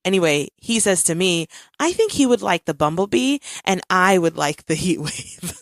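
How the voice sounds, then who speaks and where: A woman in her thirties hosts a casual podcast chat, telling a family story with lively swings and quick laughs. Her voice sits a little low. The sound is close and dry. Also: dry recording. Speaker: podcast host.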